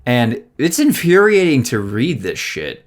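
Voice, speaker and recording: A man's voice: mid-range voice, huge pitch swings, unhurried. A man co-hosting a podcast, talking bluntly and with a lot of profanity in casual political chat. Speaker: podcast co-host.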